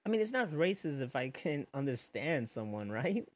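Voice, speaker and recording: A man in casual chat who laughs often and tells animated, profane stories. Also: mid-range voice, moderate pace, no echo.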